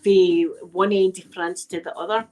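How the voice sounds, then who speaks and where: A middle-aged woman with a Scottish accent, telling rambling stories in a soft-spoken ASMR chat, using local words like aye and wee. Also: lowish voice, flat delivery, moderate pace, soft background music, poor audio. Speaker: ASMR channel host.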